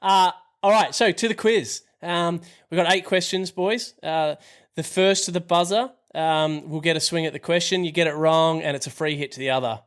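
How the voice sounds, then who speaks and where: A man's voice: on the high side, normal speed, hardly any pauses, clean tone. Upbeat man hosting a podcast quiz. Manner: upbeat, reads questions aloud, swears casually. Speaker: podcast co-host running a quiz. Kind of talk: casual podcast banter.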